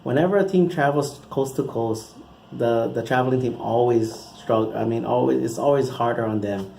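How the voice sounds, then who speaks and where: A man's voice: medium pitch, normal speed, vocal fry, darkish tone, slight background noise. A man hosting his own channel, talking through his football predictions in a casual, rambling way with frequent restarts. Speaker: channel host giving football picks.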